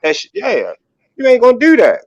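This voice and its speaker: Baltimore male host, high voice, dry close sound, profane excitable ranter. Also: brisk, dry recording, lo-fi sound. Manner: animated, profane, excitable ranting. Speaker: podcast host. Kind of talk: casual livestream chat.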